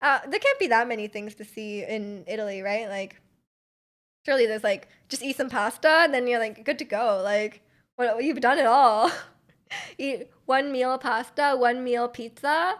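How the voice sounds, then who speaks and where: A young Canadian woman chats casually on a stream in a fairly high, slightly bright voice at a moderate pace. She giggles a lot and leans heavily on filler words, and her mouth sounds dry after hours of talking.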